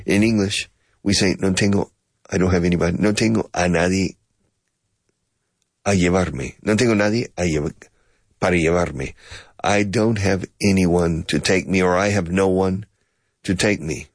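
A man's voice: moderate pace, pauses often, no echo, clean studio sound. A man giving a playful English lesson, acting out both sides of a conversation and explaining phrases with bits of Spanish. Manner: acts out both sides of a conversation, switching pitch. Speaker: English teacher.

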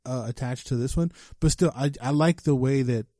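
A man's voice: mid-range voice, normal speed, mellow, no echo. A man chatting casually about a movie, laid-back and profane, dropping Spanish slang. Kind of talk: casual film chat.

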